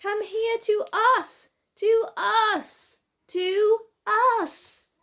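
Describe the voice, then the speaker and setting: A woman's voice: high voice, animated, moderate pace, pitched above the performer's own voice. A woman voicing an eager, bold young boy who calls out keenly. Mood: urgent.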